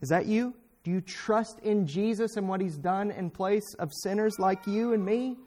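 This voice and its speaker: A man's voice: high voice, moderate pace, dark tone. A man preaching a sermon in a fervent, exhorting way, speaking straight at his listeners with sudden emphatic bursts. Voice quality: pointed, direct address to listeners.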